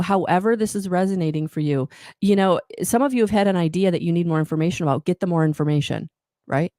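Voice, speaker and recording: With a fairly low, mellow voice, this woman gives a live oracle card reading as an intuitive reader. Her talk is rambling and encouraging, full of mid-sentence self-corrections, and the clean studio sound carries no room noise.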